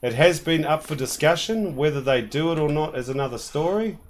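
A man's voice: a little high, expressive, a little fast, heavy background noise. A man with a New Zealand accent hosting a game stream, joking and rambling as he chats with his co-player and viewers. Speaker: streamer host. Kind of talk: casual gameplay commentary.

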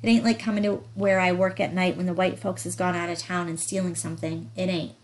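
A woman's voice: lowish voice, level tone, fairly quick, lightly acted, rough recording. A woman reading the part of a frightened young woman who pleads anxiously with her lover in dialect. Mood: scared, pleading.

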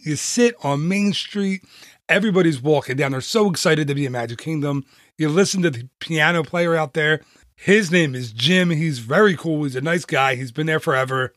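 Brief: male podcast host, slightly higher voice, friendly and self-mocking, dry close-mic sound. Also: a bit bright, no room sound. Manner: chatty, self-deprecating, upbeat. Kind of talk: casual solo podcast talk.

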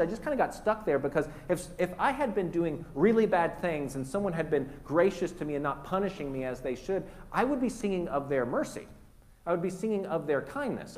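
A man preaching a sermon in a church, his voice sitting a little high for a man. He speaks earnestly and at times sinks to a near whisper to press a point home. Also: darkish tone. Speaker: pastor. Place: church sanctuary.

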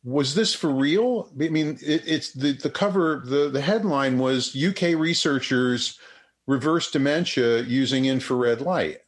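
A man's voice: mid-range voice, unhurried. An older man, a psychotherapist and researcher, telling a story in an interview with many restarts and acted-out quotes.

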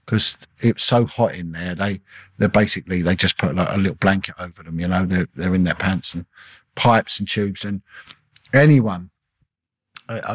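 This deep, slightly rough voice belongs to a middle-aged man, once a detective, now a guest on a podcast. He recounts an emotional story from his own life intensely, repeating points and performing the quoted lines, with no room sound in the recording.

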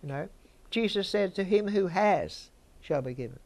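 Older woman, Bible teacher, conversational, gravelly voice with a little fry. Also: lowish voice, animated, moderate pace, darkish tone. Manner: conversational, chats with listeners.

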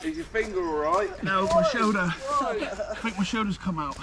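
A man on a mountain bike ride, laughing and swearing through pain in casual banter, yelping loudly. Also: high voice, normal speed. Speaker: mountain biker. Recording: outdoor clip with group chatter.

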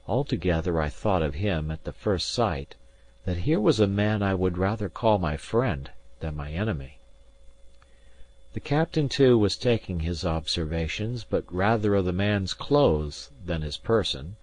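A man narrating a classic novel as an audiobook in a steady, measured reading. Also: deep voice. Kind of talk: scripted narration.

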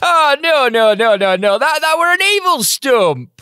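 A man's voice: very high voice, big pitch swings, a little slow, noisy background, full character voice. A man voicing a blunt, swearing male cartoon character, often exasperated.

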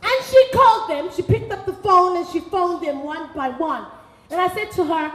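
High-voiced South African woman preaching frankly. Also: normal speed, a bit bright. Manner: frank, humorous storytelling with quoted dialogue. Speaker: speaker at a women's ministry event. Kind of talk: sermon-style motivational talk. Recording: echoey hall.

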